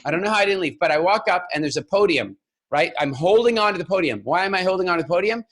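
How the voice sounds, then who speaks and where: A man giving a keynote talk as a public speaking coach, telling a funny story in an animated way and acting out the voices of people in it. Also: sits high, fast. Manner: animated, acts out voices and laughs through his story.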